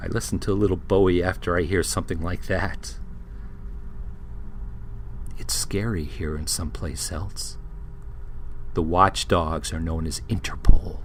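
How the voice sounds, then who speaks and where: A man hosting a show, narrating surreal scripted stories in a deadpan, unhurried way. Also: low-pitched, slight background noise. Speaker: host.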